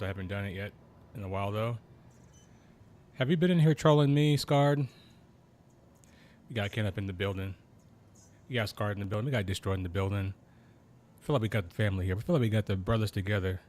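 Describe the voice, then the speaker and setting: A man with a fairly low voice chats slowly and easily on a game stream, keeping his volume down. His talk is loose and full of slang, with a faint hum of noise underneath. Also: a little mellow. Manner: slow, laid-back talker; keeps voice down. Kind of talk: casual live-stream chat.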